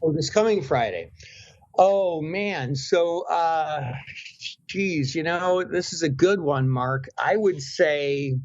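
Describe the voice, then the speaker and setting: A man's voice: a little high, slow pace, no echo. A man co-hosting a finance podcast, speaking frankly with many hesitations and restarts. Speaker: podcast co-host, former floor trader. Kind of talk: casual finance podcast chat. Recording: dry, dull lo-fi remote line.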